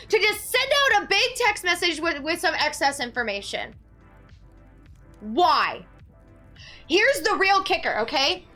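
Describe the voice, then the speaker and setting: Bright, animated high-voiced woman. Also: measured pace, soft background music. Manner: animated, dramatic ranting. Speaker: streamer. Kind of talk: casual storytelling to chat.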